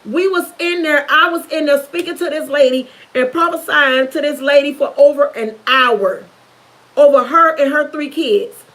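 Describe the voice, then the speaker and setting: A woman's voice: sits high, fairly bright tone, poor audio. A middle-aged woman, giving a fervent, preachy testimony on a livestream, repeating herself for emphasis. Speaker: YouTuber.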